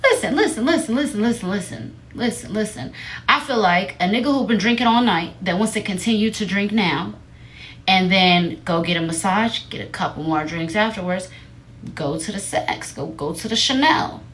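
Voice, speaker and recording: A woman livestreaming, telling a story to her viewers in a blunt, profane, animated way, often into a phone mic. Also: mid-range voice, normal speed. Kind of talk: casual storytelling to a live audience.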